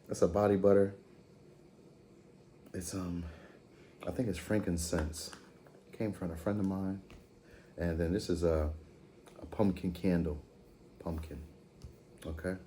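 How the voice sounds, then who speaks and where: Recording at home at night, a man with a low, mellow voice hosts a casual pick-a-card tarot reading for his channel. He's chatty, laid-back, and slangy, an adult with a school-age daughter, with a little background noise.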